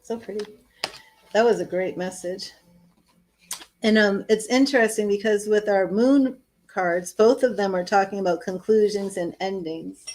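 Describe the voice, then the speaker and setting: A woman's voice: medium pitch, measured pace, a little mellow, low-quality recording. A woman hosting a live-streamed tarot reading, chatting casually, laughing often and reading card messages aloud. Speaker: tarot reader.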